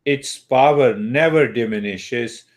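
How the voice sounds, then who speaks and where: A man teaching meditation slowly and calmly, with long pauses and Sanskrit terms. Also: medium pitch. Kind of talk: spiritual teaching talk.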